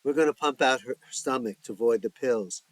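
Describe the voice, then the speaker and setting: A man voicing a brisk, matter-of-fact doctor in the emergency room. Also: medium pitch, no echo, close to an everyday voice. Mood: businesslike. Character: brisk professional male doctor.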